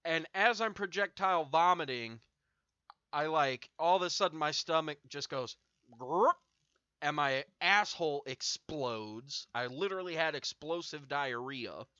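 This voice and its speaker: A young man chats to his stream audience, swearing freely and piling up fillers as he drags out an anecdote over a cigarette. His voice is bright and tense, a touch high. The audio is dry and dull, like a cheap stream mic. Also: normal speed, clean tone, no room sound. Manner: profane, rambling anecdote with many fillers. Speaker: streamer host. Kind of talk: casual storytelling to chat.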